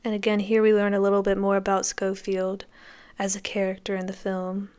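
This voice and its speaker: A woman's voice: mid-range voice, monotone, fairly quick, darkish tone, clean tone. A woman hosting a podcast, giving enthusiastic, conversational commentary as she reacts to a film. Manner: enthusiastic, conversational, reacting to scenes as they play. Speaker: podcast host.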